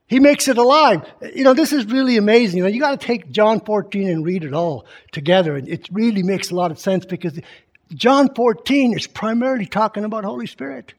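Speaking briskly in a high voice, a male preacher reads scripture with emphasis in a conversational teaching style, frequently putting questions to the congregation to quiz them.

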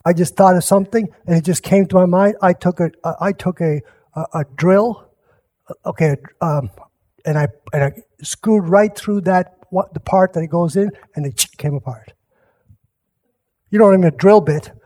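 High-voiced rambling pastor, man. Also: normal speed, dark tone. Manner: rambling, self-interrupting, chuckling asides to listeners. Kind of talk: casual sermon storytelling.

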